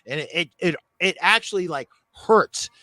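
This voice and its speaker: A man's voice: high voice, lively intonation, normal speed, pushed and bright, no echo. A man hosting a podcast interview, a store owner talking in an earnest, heartfelt way.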